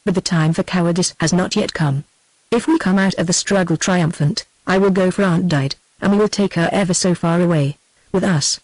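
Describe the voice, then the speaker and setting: A synthetic woman's voice with a British accent reading the lines of an earnest young man in an even, plain manner. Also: fairly low pitch, fairly quick, dry recording, lightly acted, rough recording.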